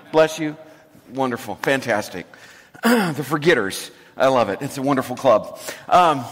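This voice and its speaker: A man preaching a sermon to his congregation, talking in a relaxed way with humor and dropping to a soft voice for emphasis. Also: on the high side. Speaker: pastor. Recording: reverberant hall recording.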